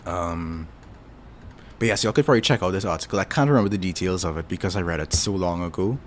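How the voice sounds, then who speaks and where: A man's voice: low voice, quick pace, slight background noise. A Trinidadian man casually chatting with his stream audience, rambling and thinking aloud with lots of filler words. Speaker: streamer answering chat. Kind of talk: casual chat.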